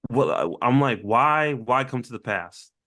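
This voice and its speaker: Brief: male co-host, middle pitch, quick to joke. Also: sharp tone. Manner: joking, laughs through his lines. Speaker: podcast co-host. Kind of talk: casual chat.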